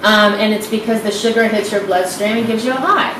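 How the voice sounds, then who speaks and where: A woman in a casual group chat, talking candidly and quickly about her own eating habits. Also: mid-range voice. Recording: echoey room, distant mic, noise.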